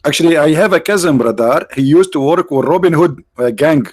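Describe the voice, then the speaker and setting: An online show host streams live in a mocking, sarcastic way, firing off rhetorical questions in a brisk, a little mellow voice that sits a little high and sounds tired. He clears his throat occasionally, and the recording is dry and close with no room sound.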